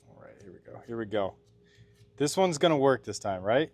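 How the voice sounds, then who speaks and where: A man's voice: mid-range voice, big pitch swings, moderate pace, darkish tone, no room sound. Chatty blacksmith man reading his chat. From Washington State, USA. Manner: chatty, laughs often, reads chat aloud and answers. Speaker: blacksmith livestreamer. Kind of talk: casual livestream chat while working. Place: blacksmith workshop.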